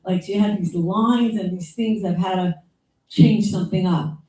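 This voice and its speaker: A woman's voice: medium pitch, fairly even intonation, moderate pace, warm tone. A woman giving informal memorial remarks as a younger sister, talking in a rambling, conversational way full of asides and quoted lines. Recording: echoey room from some distance.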